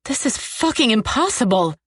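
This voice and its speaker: A woman voicing a terrified, furious young woman held captive, speaking in high, shrill, defiant outbursts. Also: very animated, normal speed, husky, no room sound, studio quality. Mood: panicked.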